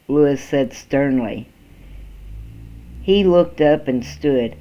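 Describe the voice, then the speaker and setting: Slow halting male story reader. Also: mid-range voice, warm tone. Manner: slow, halting reading with restarts. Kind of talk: first-person story narration. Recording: dull lo-fi recording.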